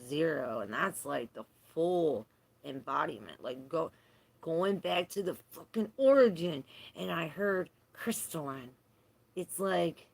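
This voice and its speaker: A woman's voice: deep voice, vocal fry, breathy edge. A woman giving a live tarot reading who rambles, trails off and restarts, swears casually and laughs often. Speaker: tarot reader. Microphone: phone.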